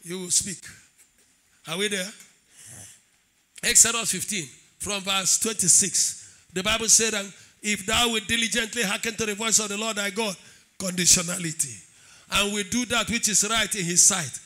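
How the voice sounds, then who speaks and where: A man preaching a sermon as pastor, calling out to the congregation and building into shouted declarations. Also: high-pitched, steady tone, moderate pace. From Nigeria. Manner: preaching with call-and-response, swelling into shouted declarations.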